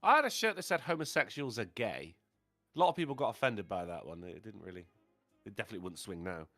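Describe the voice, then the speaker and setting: Guy, bright lively voice, swears a lot while telling stories, dry close sound. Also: lowish voice, rapid-fire, dry recording, soft background music. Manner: swearing, jokey storytelling. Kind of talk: casual chat.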